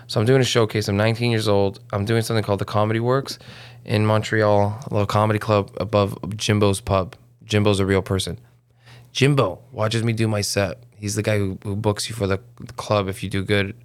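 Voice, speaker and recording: A comedian in casual conversation, telling stories with lots of energy and plenty of swearing. His voice sits fairly low, and he talks in quick bursts. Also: smooth. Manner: animated, swearing, fast storytelling. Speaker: comedian guest. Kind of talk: casual storytelling chat.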